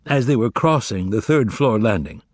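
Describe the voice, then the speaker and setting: A man reading an audiobook in steady scripted narration. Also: mid-range voice, moderate pace, no room sound.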